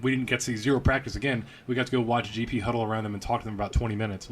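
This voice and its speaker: A man from Louisiana co-hosts a casual sports podcast. He rambles and cracks jokes, thinking out loud mid-sentence and trailing off. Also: medium pitch, slight background noise. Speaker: podcast co-host.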